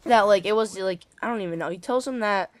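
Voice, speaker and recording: A man's voice: sits high, quick pace, no room sound. A teenage boy casually telling a story over gameplay, rambling with lots of fillers and casual swearing. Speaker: gaming channel host.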